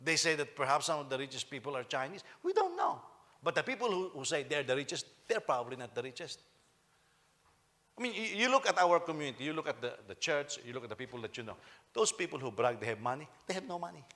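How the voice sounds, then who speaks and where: A middle-aged male pastor, preaching with a lively, swooping delivery that climbs and dips across each phrase. His voice sits a little higher than most men's. He bantering with his listeners, repeating words and restarting as he goes. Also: fast talker. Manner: animated, joking with the congregation, frequent repetitions and restarts. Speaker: senior pastor. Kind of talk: sermon.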